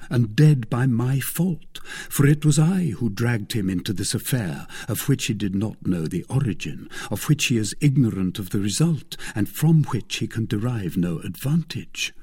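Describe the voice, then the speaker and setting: An impetuous young swordsman, as a male reader voices him for a storybook. He presses forcefully and insistently, in a husky, gravelly voice that rises and falls with plenty of life. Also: medium pitch, expressive, moderate pace, few pauses, no room sound, studio quality. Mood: demanding.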